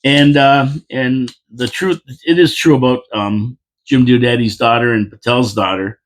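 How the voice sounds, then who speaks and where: A man's voice: medium pitch, fairly even intonation, unhurried. Rambling man talking local politics. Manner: rambling, repeats himself, folksy asides. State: tired, yawning. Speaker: local commentary host. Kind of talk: casual opinion monologue.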